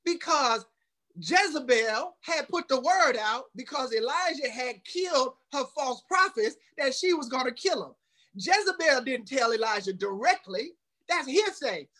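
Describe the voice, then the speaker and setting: A man's voice: very high-pitched, lively intonation, a little slow, bright, forceful tone. A man preaching a sermon in a folksy, humorous way, speaking straight to the congregation, hot and sweating. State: sweating from the heat.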